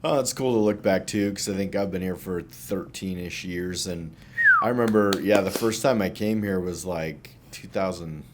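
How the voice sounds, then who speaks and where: A man's voice: deep voice, normal speed, background noise. A man in his thirties from Utah co-hosting a podcast, rambling through stories in a laid-back way and swearing casually. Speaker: podcast co-host. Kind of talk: casual chat.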